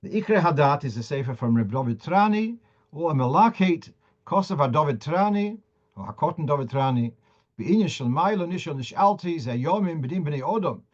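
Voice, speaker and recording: A man's voice: a little high, expressive, normal speed. A man, a rabbi, giving a Torah law lecture, reading Hebrew and Aramaic sources aloud and explaining them in English with frequent restarts. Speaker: rabbi teaching a weekly Torah class. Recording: dull lo-fi sound.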